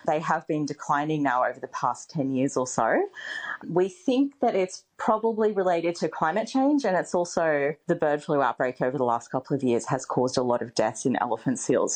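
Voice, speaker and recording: A woman, answering as a scientist in a radio interview, explaining in a measured way with casual fillers. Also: sits low, a little mellow. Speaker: seal expert interviewee.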